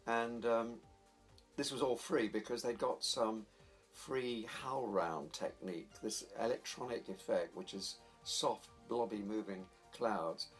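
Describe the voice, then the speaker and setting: An older graphic designer recalls his early work, warming up with enthusiasm. His voice is fairly low. Faint music plays behind. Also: slow pace. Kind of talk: reminiscing interview.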